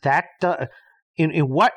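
A man's voice: fairly high pitch, measured pace, fairly bright tone, slightly rough. A man hosting a podcast in a casual monologue, talking bluntly and sarcastically, swearing often and restarting his sentences. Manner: blunt, sarcastic, profane ranting with frequent restarts. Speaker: podcast host.

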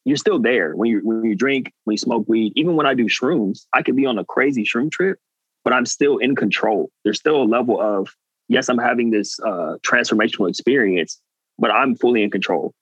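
A man's voice: medium pitch, moderate pace, husky, no echo, lo-fi sound. A man guest telling a personal story earnestly, acting out what people said. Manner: animated, earnest, acts out quotes. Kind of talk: casual storytelling.

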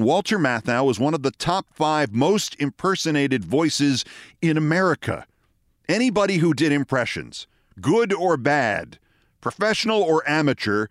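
Male host, sixties, Bronx-born, with a neutral accent. Dry, deliberate storyteller with a dead studio sound. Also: on the high side, sing-song, dry recording. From the Bronx, New York. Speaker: host, commentator. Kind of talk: scripted storytelling monologue.

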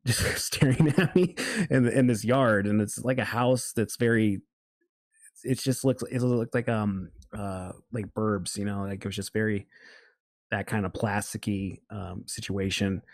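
A man's voice: lowish voice, moderate pace, no echo, clean studio sound. A man telling a long story in a casual, rambling way, full of fillers and restarts. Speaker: guest.

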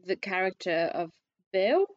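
Woman, squeaky voice, casual film chat, hesitant restarts, dry slightly muffled recording. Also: big pitch swings, a little slow, dry recording. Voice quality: self-described squeaky voice. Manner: hesitant, restarts often, rises in pitch when emphatic.

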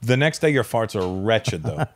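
Lively man spinning a crude anecdote. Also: lowish voice, normal speed. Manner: animated storyteller, acts out quotes. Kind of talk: casual crude storytelling.

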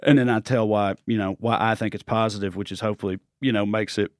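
A man's voice: lowish voice, fairly even intonation, fast talker. A man with a Southern US accent, chatting as a comedian guest, rambling and self-deprecating as he jokes. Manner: rambling, self-deprecating, slips into put-on voices. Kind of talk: casual chat, comic storytelling.

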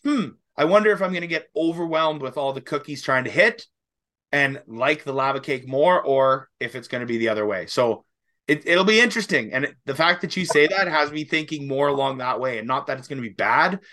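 A young Canadian man co-hosts a podcast, his medium-pitched voice lively in intonation, a little fast, and sharp in tone. The talk is casual chat as he rambles along, laughing and swearing now and then.

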